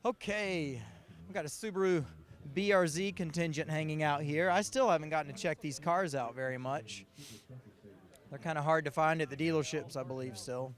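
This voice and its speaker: A man's voice: fairly high pitch, normal speed. A man hosting a rally show, chatting upbeat with teams at an outdoor car display. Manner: upbeat, chatty, laughs easily. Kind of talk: roving interviews at a fan event.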